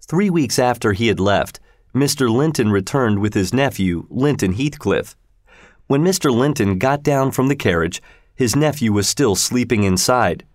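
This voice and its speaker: Man narrator, measured storybook read, dry close sound. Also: mid-range voice, expressive, no room sound. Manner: slow, measured reading.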